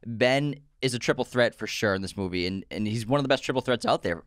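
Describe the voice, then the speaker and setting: A man's voice: medium pitch, no room sound, studio quality. A man co-hosting a film podcast, chatting casually and with enthusiasm. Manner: enthusiastic, talks in quick bursts. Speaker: podcast co-host. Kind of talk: casual chat.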